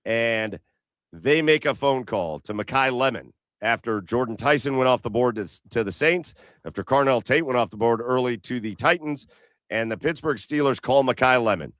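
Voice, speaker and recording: A man's voice: mid-range voice, moderate pace, fairly bright tone, dry recording. A man co-hosting a casual sports podcast over beers, telling stories bluntly with some swearing. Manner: blunt, profane storytelling. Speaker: podcast co-host.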